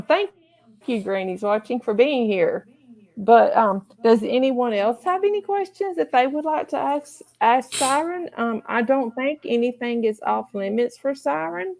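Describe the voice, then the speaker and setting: A woman's voice: on the high side, unhurried, vocal fry, darkish tone. A middle-aged woman hosting a casual livestream, chatting and reading viewer comments aloud. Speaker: livestream host.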